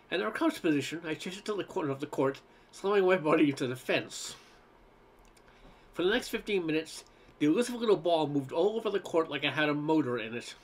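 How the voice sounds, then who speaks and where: A man reading a humorous essay aloud in a wry, expressive storytelling manner. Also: fairly high pitch.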